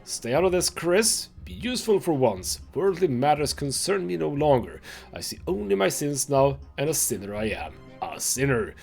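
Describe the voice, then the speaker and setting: A man's voice: fairly high pitch, very animated, normal speed, gravelly, a little mellow, faint music behind, full character voice. A man putting on a ranting, maddened old nobleman. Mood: raging, fanatical. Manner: ranting, fervent, scornful. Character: gaunt, maddened old male nobleman, venomous.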